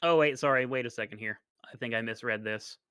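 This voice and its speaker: A man narrating a tabletop game as dungeon master, relaxed and hesitant, with many restarts. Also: mid-range voice, fast, smooth, dry recording.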